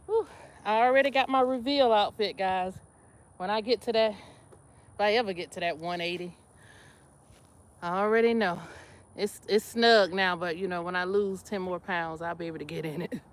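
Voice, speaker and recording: A woman's voice: medium pitch, normal speed, pauses often. A woman, chatting with viewers on a live stream while she does squats, laughing and calling out to the audience. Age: 50s. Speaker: livestream host. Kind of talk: casual live exercise chat.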